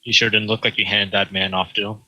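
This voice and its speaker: A man playing a tabletop game, speaking in a quick, matter-of-fact way. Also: on the low side, little pitch movement, sharp tone, rough recording. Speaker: player. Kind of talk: tabletop role-play, casual.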